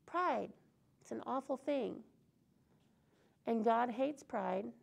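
A woman's voice: on the high side, lively intonation, takes it slowly, vocal fry. A woman preaching an earnest, conversational sermon in a church service.

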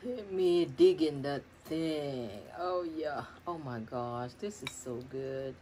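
A middle-aged woman filming a mukbang at home, her voice sitting low and her words coming very slowly. She murmurs between mouthfuls and gushes over each dish, with faint room noise behind her. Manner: excited, murmuring between bites. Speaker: food vlogger. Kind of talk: mukbang eating vlog. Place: home kitchen.

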